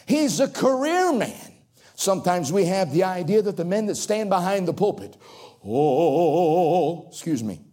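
A male preacher from coastal North Carolina with a Southern accent, delivering a sermon that swings from ringing highs to hushed drops. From Outer Banks of North Carolina.

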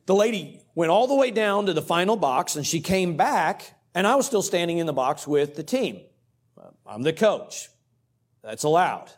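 A middle-aged man, a pastor and coach preaching a sermon through a personal story in a conversational, animated way. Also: sits high, moderate pace. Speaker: pastor and cross-country coach.

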